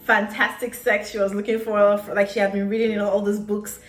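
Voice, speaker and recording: A woman's voice: mid-range voice, flat delivery, brisk. A woman co-hosting a casual podcast, gushing and giggling, putting on voices for quotes. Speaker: podcast co-host. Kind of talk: casual chat. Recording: echoey room, faint music.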